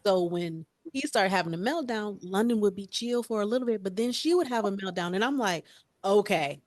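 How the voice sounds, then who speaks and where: Young woman, podcast co-host, animated storyteller, dry close sound, mid-pitched voice. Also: brisk, no echo. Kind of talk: casual chat.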